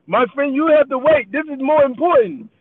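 A man's voice: very high voice, fairly quick, no room sound, pitched above the performer's own voice. A man voicing a stubborn, flustered male store cashier in a put-on Indian accent, repeating himself insistently. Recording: tinny phone-like line.

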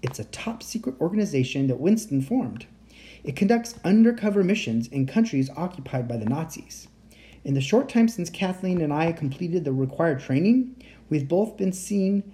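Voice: medium pitch, animated, normal speed, mellow, lightly acted. A reader voicing a polite teenage boy enchanter who speaks in formal, old-fashioned phrasing. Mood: earnest.

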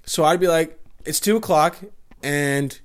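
Brief: young guy, slightly high voice, crude rambling comic monologue. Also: unhurried, smooth. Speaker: comedic storyteller. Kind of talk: profane comedic monologue.

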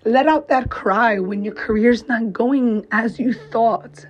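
A young adult woman, a mother, speaking to camera in a heartfelt, blunt, profane and encouraging monologue. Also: on the high side. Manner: blunt, profane, encouraging, slow emphatic phrasing. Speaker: mom vlogger. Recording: slightly dull lo-fi recording with faint music behind.

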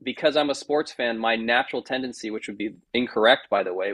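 A middle-aged man from the Boston area chats as a podcast guest at an ordinary mid pitch. He tells stories in a lively way, restarting sentences and acting out what people said. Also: fast, few pauses. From Boston area, USA. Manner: animated storyteller, many restarts, acts out quotes. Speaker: podcast guest, culture trainer. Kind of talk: conversational interview.

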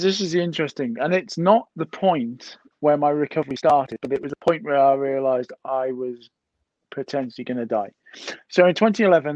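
A middle-aged man, a podcast guest, telling a lively story full of swearing and acted-out dialogue. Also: mid-range voice, no room sound, dull audio. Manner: lively anecdotal storyteller who swears freely and acts out dialogue. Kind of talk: casual storytelling.

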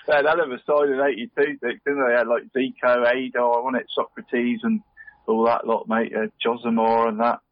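A man's voice: mid-range voice, little pitch movement, brisk. Chatty man saying "mate". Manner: chatty, says "mate" constantly. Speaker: podcast co-host. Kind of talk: casual chat. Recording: dull dry podcast audio.

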